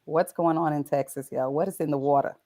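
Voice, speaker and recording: A woman's voice: deep voice, fairly even intonation, a little fast, warm tone. A woman co-hosting a casual podcast, reading out news stories and riffing on them with frequent laughs. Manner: laughs often, riffs on the headlines she reads. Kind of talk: casual chat.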